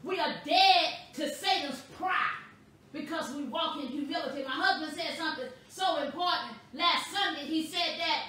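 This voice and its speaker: Woman pastor, sermon, very high bright voice, echoey room from a distance. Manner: slow, emphatic preaching, stresses words boldly.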